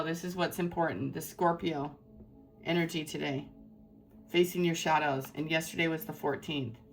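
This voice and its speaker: A woman giving a tarot reading to her viewers in an effusive, rambling, spiritual way. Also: lowish voice. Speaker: tarot reader.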